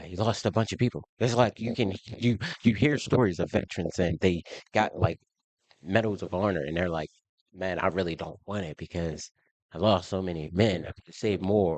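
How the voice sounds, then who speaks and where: A low-voiced reaction video host from Baltimore, USA, gives heated, profane commentary, incredulous and quick to laugh. He records in his basement on a faulty home mic, with no echo.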